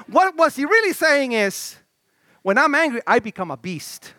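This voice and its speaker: Animated high-voiced male preacher. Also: a little slow, dry recording. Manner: animated, shifts between shouting and low murmurs; conversational, stammering restarts. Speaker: pastor. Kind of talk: sermon.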